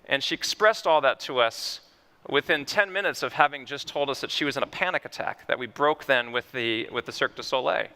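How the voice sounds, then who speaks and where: A man, a physician, giving a conference talk and telling patient stories in an animated way. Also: medium pitch, brisk, gravelly, smooth. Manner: animated, vivid storytelling. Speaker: physician speaker. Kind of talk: conference keynote storytelling.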